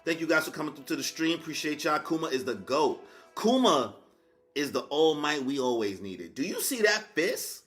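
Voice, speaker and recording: A man streaming a live reaction, excitable and slangy, swinging between hype and sorrow. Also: fairly high pitch, moderate pace.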